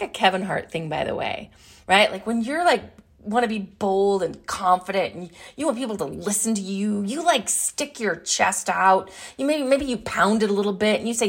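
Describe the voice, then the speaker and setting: Peppy motivational lady host, gravelly fry, playful, keeps repeating stuff. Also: medium pitch, moderate pace. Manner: energetic, playful, repeats phrases for emphasis. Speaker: podcast host. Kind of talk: motivational talk.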